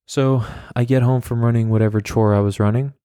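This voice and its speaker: A man hosting a solo podcast, telling rambling, self-deprecating stories in his flat with many fillers, carrying a handheld mic around as he walks. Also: medium pitch, a little fast, smooth, no room sound, studio quality. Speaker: podcast host. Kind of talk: casual solo storytelling. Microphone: handheld mic carried around.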